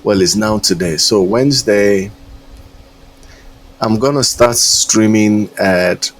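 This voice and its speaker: A man's voice: lowish voice, slow pace. A man streaming a flight simulator, chatting casually in a rambling, hesitant way and chuckling often. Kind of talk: casual live-stream chat.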